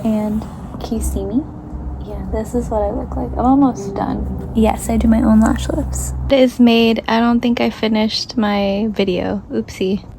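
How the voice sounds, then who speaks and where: A young woman chatting casually to her phone camera at home in a relaxed, self-deprecating vlog, with frequent apologetic asides. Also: on the high side, measured pace, noisy background. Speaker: vlogger.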